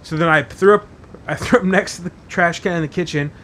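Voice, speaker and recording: A man's voice: a little high, fairly quick, fairly bright tone, slight background noise. A man hosting a podcast, telling a story casually while rambling and swearing heavily, with lots of fillers. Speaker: podcast host.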